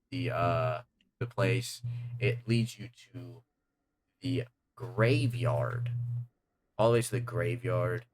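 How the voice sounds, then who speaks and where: A man's voice: low voice, slight background noise. A man narrating a tabletop game as game master, rambling with many fillers.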